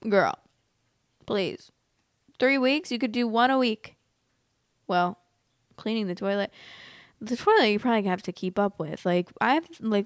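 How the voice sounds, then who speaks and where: A young woman with an American accent talks in a casual, chatty way and reacts to stories with big, exaggerated remarks. Her voice is smooth and clear, and it sounds close and dry with no room around it. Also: mid-range voice, normal speed, dry recording. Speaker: host reading online stories. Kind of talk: casual storytime commentary.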